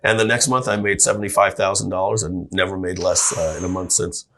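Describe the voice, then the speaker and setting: A man's voice: deep voice, a little fast. A middle-aged man telling a long story in an interview, acting out other people's lines. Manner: animated storyteller acting out quotes. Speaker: guest entrepreneur.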